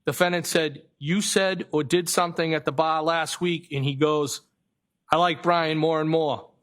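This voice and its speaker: A man with a Boston accent sits on a witness stand and reads text messages aloud into the record. His voice sits a little high for a man. He reads them flatly and haltingly, stopping now and then to correct a word. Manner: flat, halting reading with self-corrections. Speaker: trial witness.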